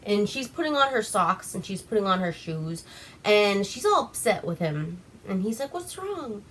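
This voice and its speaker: A woman's voice: medium pitch, expressive, moderate pace, fairly bright tone, a little hiss or hum. A young woman from Alaska hosting a casual movie recap, chatty and giggly with lots of fillers, a little tipsy on wine. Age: young adult. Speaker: vlog host.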